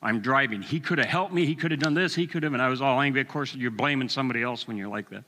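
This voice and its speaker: A man in his sixties preaching a sermon, telling a personal story with animated delivery and chuckles. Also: mid-range voice, fast talker, long reverb tail.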